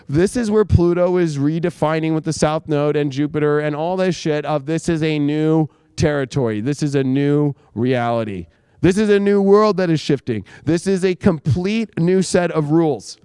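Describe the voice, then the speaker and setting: High-voiced, profane astrologer man. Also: fairly quick, darkish tone, clean tone, dry recording. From United States. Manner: emphatic, profane, rambling. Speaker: astrologer host. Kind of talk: live casual astrology talk.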